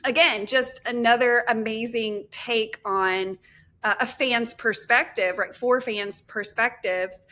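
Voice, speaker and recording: A woman's voice: fairly high pitch, fairly even intonation, slow, bright, forceful tone. A middle-aged woman hosting a podcast, chatting in an enthusiastic, rambling way with many fillers. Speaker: podcast host. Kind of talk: casual chat.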